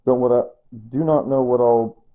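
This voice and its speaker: A man's voice: medium pitch, fairly even intonation, moderate pace. Older man rambling over a tinny line. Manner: rambling, sentimental, repeats himself. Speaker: vlogger. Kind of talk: casual personal vlog. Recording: tinny phone-like sound.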